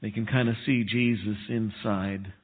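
Animated preacher man, tinny sound. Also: fairly low pitch, unhurried. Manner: animated storytelling with asides and chuckles. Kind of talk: sermon.

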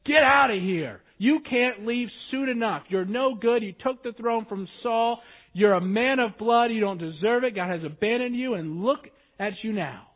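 Man doing a raging old cursing man, loud, high-pitched, tinny phone-like line. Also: animated, moderate pace, few pauses, breathy edge. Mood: furious. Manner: shouting, accusing. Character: furious old man hurling curses.

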